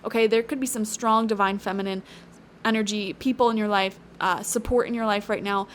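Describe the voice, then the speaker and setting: A woman's voice: medium pitch, steady tone, a little fast. Woman doing a casual tarot reading, chatty and emphatic, mid-range voice, little bit of noise behind. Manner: chatty, emphatic, frequent "okay?" and "you know"; tangential, earnest pep talk. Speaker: tarot reader.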